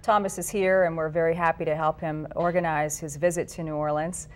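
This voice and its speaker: A woman's voice: low-pitched, fairly even intonation, brisk. A woman appearing as a guest on a live morning show, eagerly promoting a benefit event. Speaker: guest organizer. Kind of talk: live TV interview.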